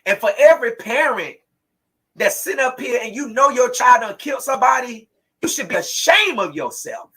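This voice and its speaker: This is a woman host on a live talk show, speaking with raw anger. Her voice sits high and bright but carries a husky rasp. She preaches fiercely and climbs to a shout when she presses her point. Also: lively intonation, moderate pace, rough recording. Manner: fiery, preachy, swings into shouting. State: angry.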